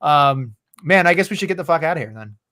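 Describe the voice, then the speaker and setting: A man's voice: on the high side, lively intonation, fast talker, pushed and bright. A man co-hosting a podcast in casual, jokey chat, swearing freely. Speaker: podcast co-host.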